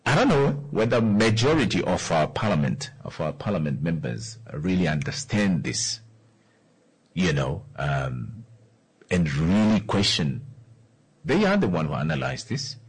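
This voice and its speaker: Low husky man, lively questioning delivery. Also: measured pace, poor audio. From Namibia. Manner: repeats key phrases, asks the listener questions. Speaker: radio or podcast host. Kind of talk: solo commentary on the economy.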